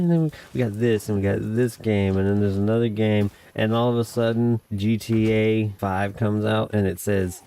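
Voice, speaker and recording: A man's voice: fairly low pitch, expressive, normal speed, warm tone. An American man hosting a casual podcast, rambling and joking with a lot of laughs. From United States. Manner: jokey, rambling, laughs often. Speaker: podcast host.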